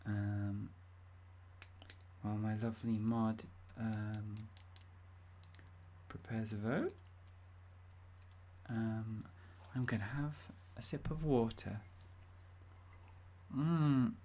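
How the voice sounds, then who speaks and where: Slow-talking woman streamer. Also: extremely low pitch, steady tone, warm tone, slight background noise. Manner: chatty, giggly, many ums. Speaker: streamer and game master. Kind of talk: narrating an interactive role-play stream.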